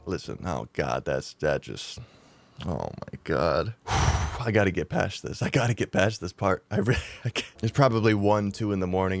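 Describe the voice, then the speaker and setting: A young man tells a storytime vlog in a casual, rambling way, swearing freely and laughing at himself. His voice sits a little low. The recording is close and dry with no room sound. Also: creaky, dry recording. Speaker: YouTuber.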